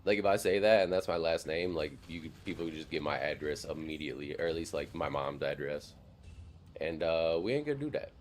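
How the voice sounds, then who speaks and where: A man's voice: extremely low pitch, fairly even intonation, brisk, a little hiss or hum. A young man from Wisconsin streaming a game and chatting casually with viewers, rambling with lots of fillers and swearing. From Wisconsin, near Madison. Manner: rambling, profane, full of "like" fillers. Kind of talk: casual live-stream chat while gaming.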